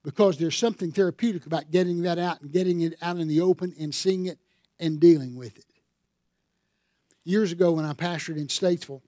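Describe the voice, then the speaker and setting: A man's voice: fairly high pitch, dark tone, dry recording, clean studio sound. A man preaching a sermon as pastor, telling stories in a folksy way and building to fervent emphasis.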